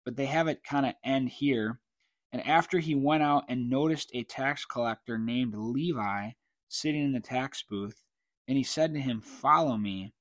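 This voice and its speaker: A man teaching from the Bible, reading passages aloud and then explaining them in a relaxed, conversational way, often clearing his throat. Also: mid-range voice, normal speed, no echo. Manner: reads scripture then comments conversationally, frequent throat clearing. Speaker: preacher.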